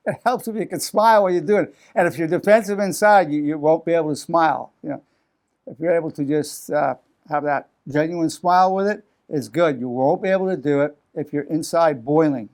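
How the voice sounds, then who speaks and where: An older man in his eighties gives a psychology lesson with a gravelly, somewhat high voice. He talks freely, restarting and repeating words. He lifts his voice to act out how people sound when they feel defensive. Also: a little fast. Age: 80s. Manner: animated, acts out defensive quotes with raised voice. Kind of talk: unscripted talk to camera.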